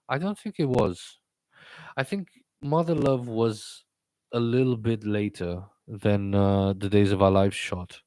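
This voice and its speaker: Speaking learned English with a slightly British tinge, a man hosts a casual livestream chat, rambling and often restarting with a stammer. A toothache slightly impedes his speech; his voice is medium-pitched, with no echo.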